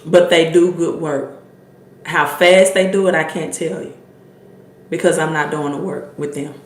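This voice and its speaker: A woman's voice: low-pitched, steady tone, unhurried, echoey room. A woman with a Mississippi Southern accent hosting a casual livestream, chatting and coaching her viewers, calling them y'all and repeating herself as she goes. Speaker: livestream host, credit coach.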